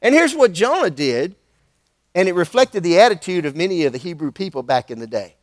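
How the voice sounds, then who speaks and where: Male preacher with a high, bright voice, animated sermon style, dry close-miked sound. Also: fairly quick, no room sound. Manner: animated, conversational asides and questions to the congregation.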